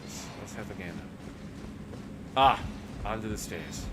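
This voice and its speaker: A man's voice: on the low side, unhurried. Aussie guy streaming a game, rambly, swears a lot, bit of background hiss. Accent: Australian. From Australia. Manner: rambling, profane, with many fillers and restarts. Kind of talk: casual storytelling while gaming.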